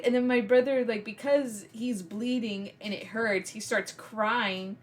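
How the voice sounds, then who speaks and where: A woman's voice: fairly high pitch, fairly even intonation, a little slow. A young woman vlogger telling a casual story, rambling with many "like" fillers.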